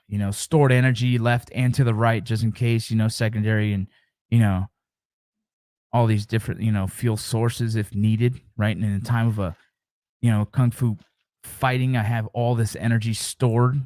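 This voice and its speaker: A man's voice: lowish voice, darkish tone, no echo. A man hosting a casual live stream, chatting with viewers, joking and telling stories. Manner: joking, storytelling, reacting to chat.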